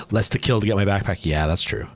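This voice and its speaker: A man's voice: on the low side, brisk. A young man streaming a game live, chatting with his viewers and yelping in panic when attacked. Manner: chatty, jumps to loud panicked yelps in fights. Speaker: livestreaming gamer.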